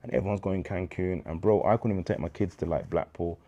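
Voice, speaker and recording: A man in his thirties with a Birmingham accent speaks in a very low, deep voice. He tells stories in a relaxed interview style, full of slang, and acts out every quoted line. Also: quick pace, dull audio. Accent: Birmingham English. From England. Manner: animated storyteller, slang-heavy, acts out quoted dialogue. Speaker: interview guest. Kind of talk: casual storytelling interview.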